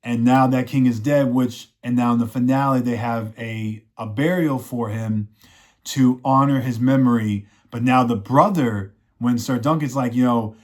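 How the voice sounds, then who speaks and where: Casual male reviewer, mid pitch, rambling recap delivery full of fillers, gushing enthusiastic sign-off. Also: steady tone, moderate pace. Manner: rambling, leans on "you know" and "he's like"; upbeat, effusive sign-off. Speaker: TV show reviewer.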